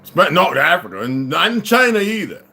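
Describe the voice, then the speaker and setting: A man hosting a casual livestream, reading aloud and commenting in a rambling way, dropping to mutters and rising to loud outbursts. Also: on the high side, big pitch swings, normal speed, vocal fry.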